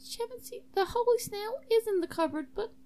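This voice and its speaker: A tipsy woman voicing a bubbly, rambling emo girl student in a high sing-song voice. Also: fairly quick, warm tone. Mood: confiding.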